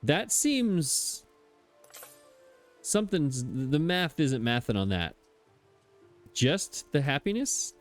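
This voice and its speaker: A man hosting a let's play, thinking aloud in a chatty, puzzled way and poking fun at his own mistakes. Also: medium pitch. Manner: self-mocking, chatty. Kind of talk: casual gameplay commentary.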